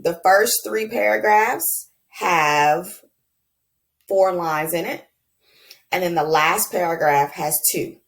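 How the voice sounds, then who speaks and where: Explaining a lesson to her class, this woman teacher speaks casually with a low, gravelly-fry voice. Her lecture is chatty and easygoing, addressing the students as y'all and sprinkled with lots of ums.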